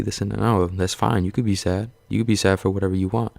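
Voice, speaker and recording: Gravelly low-voiced man ranting bluntly. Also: steady tone, fast, few pauses, no room sound, clean studio sound. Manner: blunt, profane, rambling and repetitive; earnest, reassuring. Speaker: vlogger. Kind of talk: casual motivational rant to camera.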